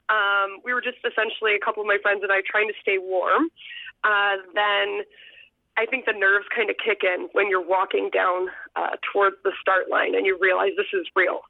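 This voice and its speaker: Phone-in guest: young woman, teacher, gravelly edge, heartfelt storytelling on a thin, dry phone line. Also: mid-range voice, no echo. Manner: earnest, heartfelt, sometimes choked up. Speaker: guest, elementary school teacher and runner.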